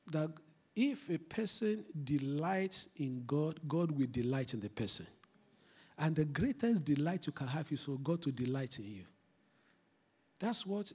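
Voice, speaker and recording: Male pastor, raspy gravelly voice, passionate church sermon delivery. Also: a little high. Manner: swings from loud exhortation to quiet intensity, repeats phrases.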